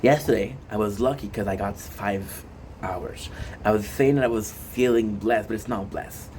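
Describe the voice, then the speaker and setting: A man's voice: fairly low pitch, normal speed, darkish tone, slight background noise. A man streaming live, rambling casually to his chat with lots of fillers and asides.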